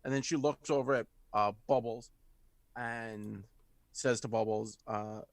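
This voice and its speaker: A man narrating as game master of a tabletop game, talking haltingly with many fillers. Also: mid-range voice, fairly even intonation, no room sound. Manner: halting, many fillers, puts on voices for non-player figures.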